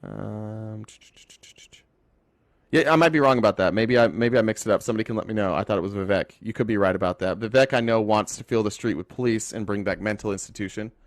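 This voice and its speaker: ユタ州出身の男性が、ライブ配信の視聴者コメントに応えながら、脱線や言い直しを交えて政治の話を気ままに語っている。. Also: male voice, fairly low pitch, fast talker, no room sound, clean studio sound. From Utah. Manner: rambling, talks to chat, self-correcting. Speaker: livestream host. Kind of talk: casual political livestream chat.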